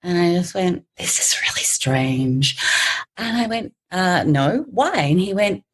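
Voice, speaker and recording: Husky Australian woman telling a lively story. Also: on the low side, measured pace. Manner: animated storyteller, laughs often, acts out quoted voices. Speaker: guest. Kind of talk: storytelling in a podcast interview.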